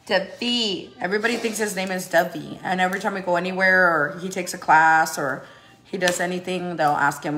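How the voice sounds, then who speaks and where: A woman's voice: fairly low pitch, fairly even intonation, a little fast, a bit bright. Chatty, laughing woman vlogger. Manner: chatty, laughs often, switches into Spanish with her kids. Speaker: vlogger and mother. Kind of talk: casual chat to camera. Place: family home.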